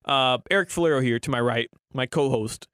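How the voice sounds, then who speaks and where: A man's voice: mid-range voice, a little fast, a bit bright, smooth, dry recording. A man co-hosting and producing a sports radio show, rambling casually with many restarts and fillers on a studio mic.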